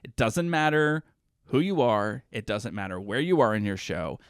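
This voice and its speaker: Podcast co-host, male, mid-pitched, rambling storyteller, dry close mic. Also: animated, normal speed, clear, resonant tone, dry recording. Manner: rambling storyteller, self-correcting. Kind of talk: casual chat.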